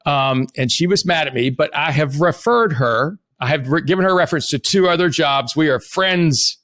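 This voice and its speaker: A man hosts a podcast conversation and tells a long, candid story in a bright, forceful voice. He talks casually and drops in the odd swear word. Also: on the high side, normal speed. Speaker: podcast host. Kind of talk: casual interview chat.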